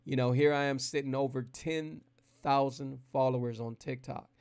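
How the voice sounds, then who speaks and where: A man's voice: mid-range voice, fairly even intonation, moderate pace, darkish tone, smooth. A man coaching viewers on keto during a live stream, talking casually and energetically, rambling and repeating himself. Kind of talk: live-streamed motivational talk.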